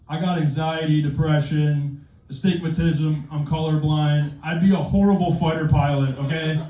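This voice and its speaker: A man's voice: fairly high pitch, fairly even intonation, moderate pace, warm tone. A young man doing a stand-up comedy set in a club, self-deprecating with conversational asides. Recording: echoey club room from far off, crowd laughter.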